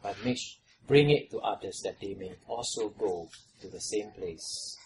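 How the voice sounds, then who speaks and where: A pastor preaching a sermon, repeating phrases and putting questions to the congregation, rising to loud exhortation and falling to hushed trailing lows. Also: expressive, normal speed, slight background noise, poor audio.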